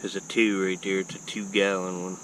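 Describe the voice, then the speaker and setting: A man narrating a casual outdoor vlog in a relaxed, rambling, folksy way, filmed on a handheld camera by a river and an old dump. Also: deep voice, moderate pace. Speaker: vlogger. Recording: faint outdoor noise with insects.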